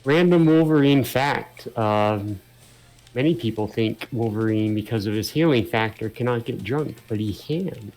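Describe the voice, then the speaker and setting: A man's voice: medium pitch, unhurried, a little mellow. A middle-aged man casually chatting while playing a video game with a friend, sharing comic-book trivia. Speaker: gaming channel host. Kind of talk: casual gameplay chat.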